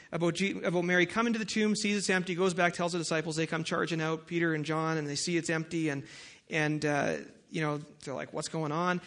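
A pastor delivers a sermon, starting with a soft, lowered prayer before shifting into a casual, conversational talk about the Bible.

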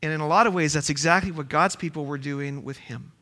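Brief: male pastor with a high voice, preaching and asking rhetorical questions. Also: a little fast, sharp tone. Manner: reads scripture, then explains with rhetorical questions. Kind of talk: sermon.

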